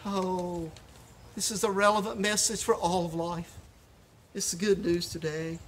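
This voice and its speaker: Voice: medium pitch, fairly even intonation, a little slow, slight background noise. A pastor preaching a sermon on video for a church live stream, impassioned and emphatic, often stumbling over repeated words. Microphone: live stream recording.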